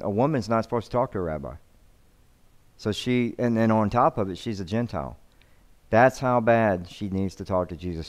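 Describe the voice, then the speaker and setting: Guy pastor giving a sermon, smooth clear voice, keeps repeating words as he starts up, reads bible verses out. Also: medium pitch. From United States. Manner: repeats words often when starting a thought, reads scripture aloud.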